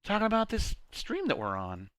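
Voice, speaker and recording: A man's voice: high voice, wildly swooping pitch, brisk, fairly bright tone, clean tone, no room sound, clean studio sound. A man hosting a casual game stream, playful and rambling, laughing often between his words. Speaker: streamer host.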